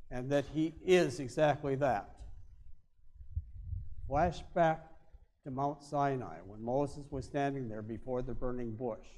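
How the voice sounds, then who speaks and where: A male pastor preaching a sermon, with emphatic stresses that drop to quiet, low endings. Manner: emphatic, swings between loud stresses and quiet drops.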